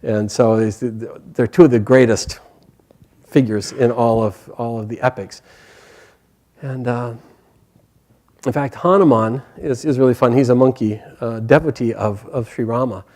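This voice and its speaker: A man teaching a spiritual class, telling a story gently and hesitantly with many pauses and fillers. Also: mid-range voice.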